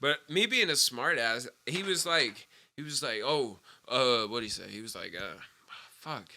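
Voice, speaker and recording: A man's voice: mid-range voice, expressive, unhurried, vocal fry, sharp tone, a little hiss or hum. A young man co-hosting a casual podcast, telling a rowdy, profane story and acting out the voices in it. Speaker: podcast co-host.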